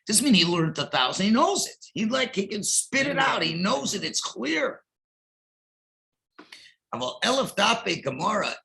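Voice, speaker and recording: A man's voice: sits high, vocal fry, bright, forceful tone. A man teaching a Torah class as a rabbi, reading Hebrew lines and translating them, now and then raising his voice for emphasis. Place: synagogue.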